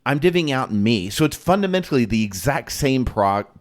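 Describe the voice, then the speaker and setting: A man's voice: medium pitch, big pitch swings, normal speed. A man co-hosting a casual Bible discussion, thinking aloud with many restarts and acting out quoted lines. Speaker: podcast co-host.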